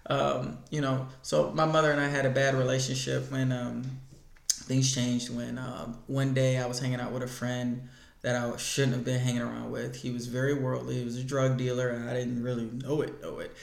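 A man's voice: mid-range voice, monotone, normal speed, gravelly, echoey room. A man earnestly telling his personal faith story as a guest in a conversation.

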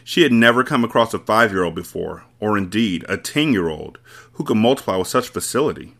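Male host reading a children's novel aloud, animated delivery, easy chatty asides. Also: lowish voice, a little fast, creaky. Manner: relaxed, casual asides to listeners. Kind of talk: storybook read-aloud.

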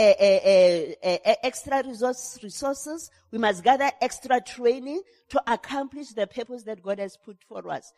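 A middle-aged woman preaches with a high voice and fervent conviction. She stumbles over fillers and repeats words, then presses forward into shouted prayer. Her voice rings with a long reverb in a hall. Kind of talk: sermon.

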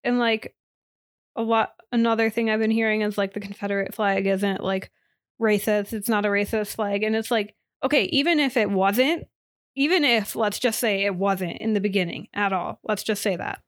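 A woman's voice: medium pitch, normal speed, dry recording, studio quality. A young woman from Michigan in college with a Midwestern accent, co-hosting a casual chat in an earnest way, full of "like". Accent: Midwestern American. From Michigan, USA. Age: young adult. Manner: earnest, many "like" fillers. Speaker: podcast co-host.

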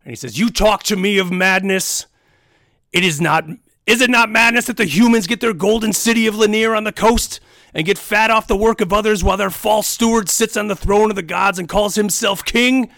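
A booming, contemptuous orc warlord rants about power and conquest, as a man puts him on. The voice is gravelly and loud, pushed well above a speaking level. Dry, close sound. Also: moderate pace, dry recording. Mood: ranting. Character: huge menacing orc warlord, power-hungry brother.

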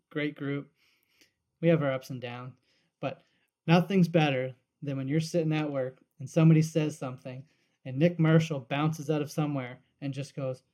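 A man's voice: on the high side, a little mellow. A man co-hosting a casual podcast, speaking thoughtfully and often restarting his sentences. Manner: thoughtful, repeats words when starting sentences. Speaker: podcast co-host.

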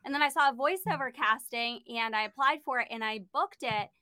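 A woman voice actress on a panel, telling a funny anecdote in an animated, laughing, self-mocking way. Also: high-pitched, brisk, clean tone, no echo.

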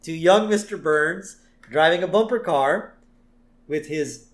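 Man, casual podcast co-host, slightly high voice, quick to laugh and agree. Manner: laughs often, agrees readily. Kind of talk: casual episode recap.

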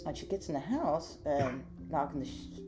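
A woman's voice: low voice, expressive, moderate pace, music in the background. A woman from western Pennsylvania, co-hosting a podcast and telling a rambling, profane story in casual chat. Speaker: podcast co-host.

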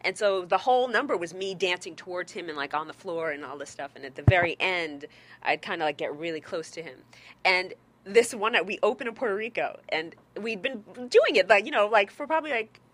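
A woman's voice: lowish voice, a little fast, slight background noise. A woman guest telling a story in casual chat, laughing often and acting out what people said. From New York. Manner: lively, laughing, acts out quotes. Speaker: guest performer.

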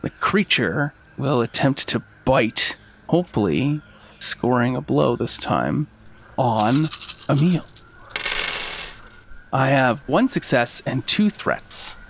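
Male game master, unhurried vivid narration, mid pitch. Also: expressive, vocal fry, fairly bright tone, a little hiss or hum.

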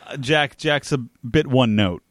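A man's voice: mid-range voice, a little slow, no room sound, clean studio sound. A man co-hosting a podcast, speaking casually with wry, teasing remarks and hesitant fillers. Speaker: podcast co-host. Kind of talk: casual chat.

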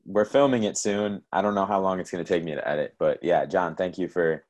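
Man, podcast host, very deep voice, laid-back, brief prompts. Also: fairly even intonation, a little fast, darkish tone, dull audio. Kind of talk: casual interview.

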